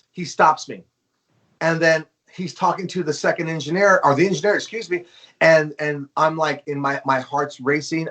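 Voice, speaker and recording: A man in his fifties from Los Angeles, a guest drummer telling a profane, animated story with lots of fillers in a casual interview. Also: fairly high pitch. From Los Angeles, USA.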